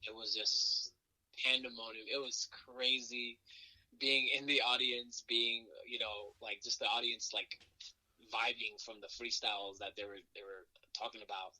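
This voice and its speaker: Bright-voiced male wrestler telling stories. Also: mid-range voice, measured pace, rough recording. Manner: lively storyteller who acts out quoted voices. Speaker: guest, professional wrestler. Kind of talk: casual storytelling interview.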